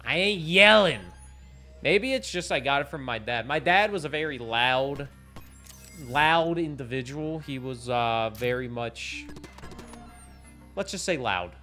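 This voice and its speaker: A man streaming a video game live, talking in a loud, ranting manner that can sound angry, with bursts of near-shouting. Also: mid-range voice, measured pace, soft background music. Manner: loud, animated, ranting and complaining. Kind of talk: casual live-stream commentary while playing.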